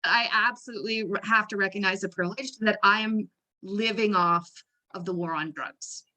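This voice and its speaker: A woman's voice: mid-range voice, moderate pace, pushed and bright. A woman speaking bluntly and wryly on a video call, swearing casually. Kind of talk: candid chat on a video call.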